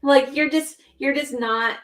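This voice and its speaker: A woman co-hosting a podcast in casual chat, telling stories in a rambling, excitable way full of fillers. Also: high-pitched, measured pace, slight background noise. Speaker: podcast co-host. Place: home.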